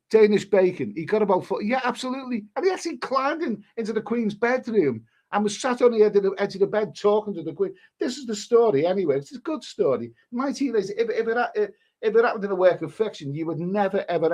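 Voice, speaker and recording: A man's voice: sits high, animated, brisk, a little mellow. A man hosting a live stream, reading a story aloud in a casual way and breaking off to answer the chat.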